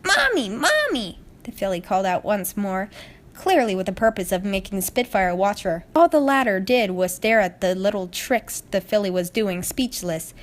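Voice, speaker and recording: A woman's voice: mid-range voice, moderate pace. Woman reading a storybook aloud. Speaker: story reader. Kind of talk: storybook narration.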